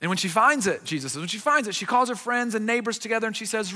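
A middle-aged man preaching a sermon as a guest pastor, telling a story with lively acted-out voices. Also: high-pitched, fast, in a large hall. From United States. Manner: animated storyteller, acting out quoted voices. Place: church sanctuary.

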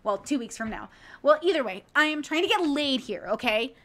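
A woman livestreaming casually, reacting to clips and chatting with viewers in an excitable, profane, rambling way. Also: sits high, brisk. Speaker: streamer reacting to video clips.

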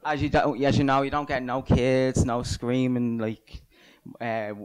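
A man's voice: mid-range voice, flat delivery, a little slow, clear, resonant tone, low-quality recording. A young Irish man doing a stand-up comedy set, crude and self-mocking, stumbling through asides on stage. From Ireland.

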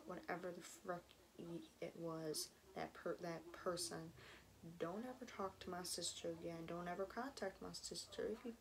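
A woman's voice: fairly low pitch, a little hiss or hum. A young woman vlogger telling a story in a casual, rambling way, full of fillers and restarts, and now and then she drops to a whisper.

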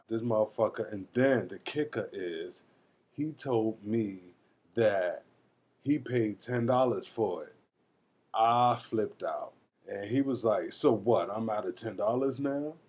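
A young man vlogging, telling a story to the camera in a casual, animated way, swearing often. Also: fairly low pitch, measured pace, husky.

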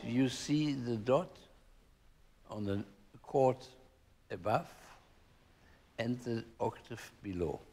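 Man, piano master class teacher, gravelly, very slow, sings rhythm syllables, piano faintly behind. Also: medium pitch, expressive, warm tone. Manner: short spoken instructions between playing. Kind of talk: coaching a student at the piano. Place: concert hall. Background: piano playing.

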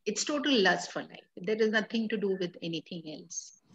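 A woman's voice: medium pitch, lively intonation, moderate pace, a bit bright, highs cut off. A woman in a book club discussion, earnestly building her points step by step.

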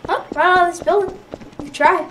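Giggly high-voiced woman gamer, distant mic. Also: fairly quick. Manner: giggly, teasing, playful. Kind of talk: casual gameplay chatter. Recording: distant mic with clear background noise.

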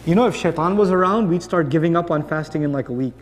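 Male preacher, high voice, animated, lets quick dialogues play out, big reverberant hall. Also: slight background noise. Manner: animated, acts out dialogues for the audience. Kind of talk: sermon. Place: large hall with long reverb.

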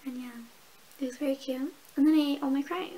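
Chatting through her makeup routine, this young beauty vlogger tells stories, laughs often, and swears freely in a laid-back get-ready-with-me clip. She speaks a little fast in a steady, dark-toned voice that sits high, and the recording is rough.

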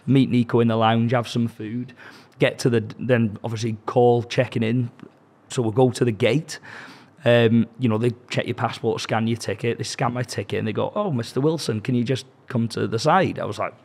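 A young British man, a podcast guest, telling animated anecdotes in casual chat. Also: mid-range voice, normal speed. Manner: chatty, animated anecdotes with quoted dialogue.

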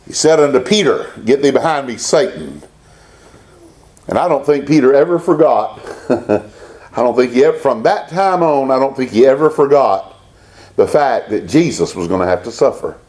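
A male pastor preaching a sermon in church, rising high on scripture and dropping low to drive points home. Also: expressive, moderate pace, a little mellow.

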